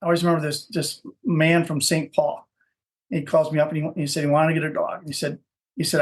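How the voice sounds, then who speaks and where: A man's voice: fairly high pitch, little pitch movement, fairly quick. A man from Minnesota, a dog breeder, telling stories in a casual interview, rambling and repeating words as he searches for what to say.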